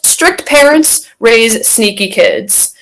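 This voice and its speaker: A woman's voice: on the high side, sing-song, slow pace, a bit bright, rough recording. A young woman chatting as a podcast guest, telling a personal story in a rambling way, full of fillers and restarts. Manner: rambling, filler-heavy, acts out quotes. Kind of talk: casual storytelling chat.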